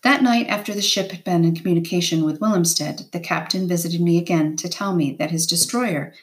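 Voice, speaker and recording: A woman reading a novel aloud in first person with steady, unhurried storytelling. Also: fairly low pitch. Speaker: reader.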